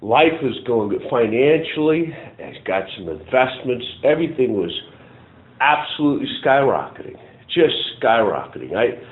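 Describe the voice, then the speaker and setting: A middle-aged man telling his recovery story in a rambling, halting way, full of restarts. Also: mid-range voice, sing-song. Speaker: recovery meeting speaker. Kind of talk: personal testimony. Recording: tinny phone-like audio.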